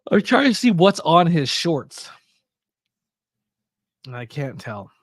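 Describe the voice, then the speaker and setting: A man's voice: fairly high pitch, sing-song, slow pace, no room sound, clean studio sound. A man hosting a casual livestream, chatting loosely about wrestling and telling stories with a laugh, sleepy and yawning. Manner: chatty, laid-back, laughs at own stories. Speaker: livestream host. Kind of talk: casual chat watching wrestling.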